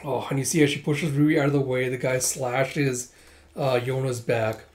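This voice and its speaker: A man's voice: mid-range voice, fairly even intonation. Casual man retelling a manga. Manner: quick play-by-play retelling. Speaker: manga reviewer.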